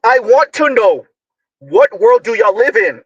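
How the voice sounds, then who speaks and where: High-voiced man shouting heated commentary. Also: big pitch swings, unhurried, breathy edge, no room sound, highs cut off. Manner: loud, emphatic, often shouting; slangy, repetitive, rhetorical questions. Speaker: online commentator.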